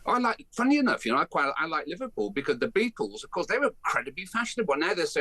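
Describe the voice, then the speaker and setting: An older man with a softened Birmingham accent, a guest on a talk radio show, speaking in an emphatic, animated and outspoken way. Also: fairly high pitch, fast, few pauses, breathy edge, no echo. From Birmingham, England. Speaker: guest, education campaigner. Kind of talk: opinionated talk radio interview.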